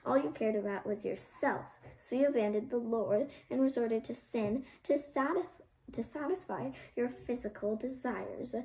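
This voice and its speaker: A woman's voice: fairly high pitch, moderate pace, a little mellow, natural voice, low-quality recording. A woman voicing a stern, pious male orphanage administrator who gives commanding, sneering orders.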